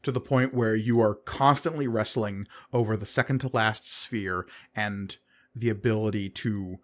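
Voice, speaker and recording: A man narrating a tabletop game as game master, relaxed and rambling. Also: fairly low pitch, normal speed.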